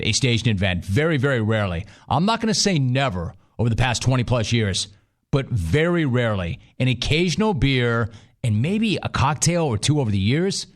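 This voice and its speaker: A middle-aged man hosting sports talk radio from a studio, emphatic and sardonic, hammering his points with repetition. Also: medium pitch.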